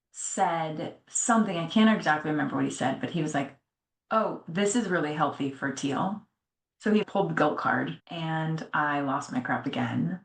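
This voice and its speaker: A middle-aged woman telling a personal story in a candid, animated way, often slipping into the voices of people she quotes. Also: lowish voice. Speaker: podcast co-host. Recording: echoey room.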